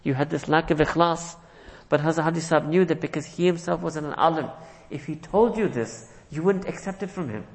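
A man delivers an earnest sermon, weaving in stories and soft chuckles. His voice is gravelly and sits a little high for a man. It rings out with a long echo, as if he is speaking in a large hall. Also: a little fast. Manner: storytelling, earnest, chuckles often, mixes in Urdu and Arabic terms. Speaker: Islamic preacher.

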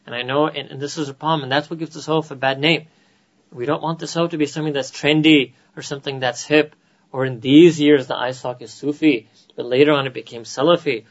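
A man with an American accent giving an animated religious lecture to a gathering, often asking "right?" and dropping in Urdu phrases. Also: fairly high pitch, fast talker, lo-fi sound. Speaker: Islamic teacher.

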